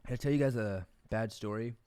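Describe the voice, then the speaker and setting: A man's voice: fairly low pitch, warm tone, smooth, no echo. A young man with a Southern American accent, streaming a football video game and rambling through casual, profane, jokey commentary at his desk mic. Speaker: gaming streamer.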